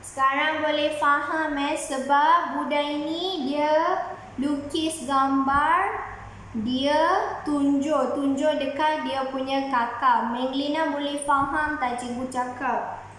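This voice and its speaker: A woman's voice: high voice, steady tone, takes it slowly, a bit bright, slight background noise. A woman schoolteacher, explaining a lesson patiently and repeating herself to coax young pupils. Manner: patient, repetitive, coaxing. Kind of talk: classroom lesson mixing Malay and English. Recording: very echoey room.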